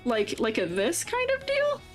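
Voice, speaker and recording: A woman's voice: high voice, wildly swooping pitch, unhurried. A woman streaming as she draws. She chats casually, laughs often and reads viewer comments aloud. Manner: playful and teasing with chat. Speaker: streamer reviewing avatar designs. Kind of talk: casual live-stream chat while drawing. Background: faint background music.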